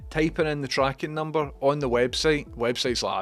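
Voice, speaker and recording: A man hosting his own livestream in a mid-pitched voice, chatting loosely and drifting into sarcastic, sweary tangents. Faint music plays quietly behind him. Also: normal speed. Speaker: livestream host. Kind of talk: rambling livestream chat.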